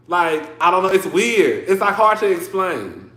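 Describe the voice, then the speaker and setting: High-voiced man rambling in an echoey room. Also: very animated, normal speed, sharp tone. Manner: rambling, full of "like" and restarts. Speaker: podcast host. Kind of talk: casual commentary chat.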